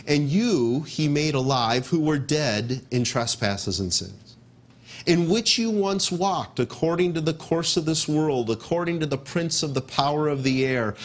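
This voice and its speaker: Pastor, man, slightly high voice; emphatic sermon delivery, repeats phrases, hushes for stress. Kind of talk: expository sermon.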